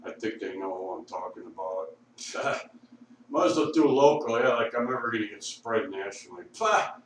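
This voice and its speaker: A man's voice: lowish voice, expressive, normal speed, very echoey, far from the mic, slight background noise, low-quality recording. An intoxicated man rambling profanely with laughs, talking outdoors on a street corner. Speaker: vlogger.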